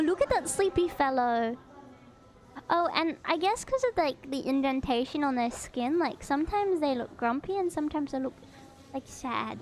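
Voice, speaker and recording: High-voiced bubbly woman streamer. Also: a little hiss or hum. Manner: bubbly, excitable, gasping at what she sees. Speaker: streamer host. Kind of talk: live-stream reaction chat.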